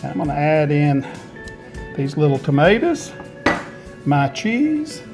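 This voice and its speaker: A man's voice: a little high, very animated, slow pace, darkish tone, soft background music. A man hosting a home gardening channel, chatting in a folksy, homespun way while he shows food he made in his home kitchen. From Tennessee, USA. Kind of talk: casual food demonstration.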